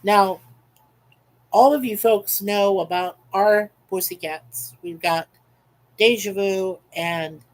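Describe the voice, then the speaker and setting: Guy on a home livestream, reading chat out loud, playful and chatty. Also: high-pitched, takes it slowly. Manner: reads viewer comments aloud, chatty and playful. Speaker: livestream host. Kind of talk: casual live chat. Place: home in Canada.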